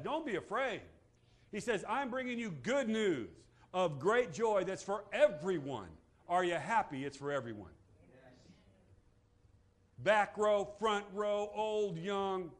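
Animated preaching man, hushed to shouting. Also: high voice. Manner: calls for amen from congregation. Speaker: pastor. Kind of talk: sermon. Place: church sanctuary.

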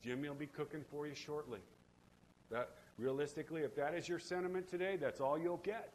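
A man preaching a sermon in a church, swinging between loud, fervent preaching and hushed asides. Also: a little high, fairly quick. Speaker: pastor. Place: church sanctuary.

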